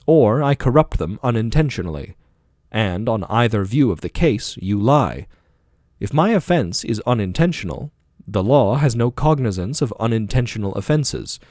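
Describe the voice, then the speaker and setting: A man's voice: lowish voice, darkish tone, no room sound, studio quality, lightly acted. A man reading an ironic old philosopher. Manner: probing, rhetorical questioning. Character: aging male philosopher arguing in court, ironic. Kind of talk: audiobook dialogue reading.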